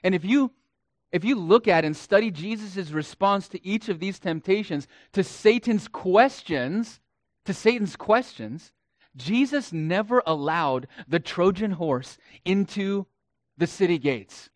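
A man's voice: sits high, lively intonation, a little slow, dry recording, studio quality. A man preaching a sermon as pastor, emphatic and repeating key phrases for weight. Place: church.

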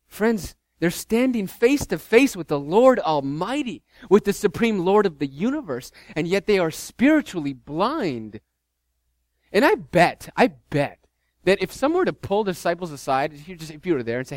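A man's voice: sits high, normal speed, no room sound. Dry-voiced man preaching a sermon. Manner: animated preaching, voices the disciples mockingly. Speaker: pastor.

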